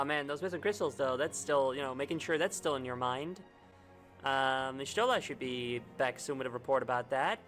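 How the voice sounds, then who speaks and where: A man's voice: medium pitch, fairly bright tone. A man streaming a video game, chatting jokily and profanely over the story. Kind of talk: casual gameplay commentary.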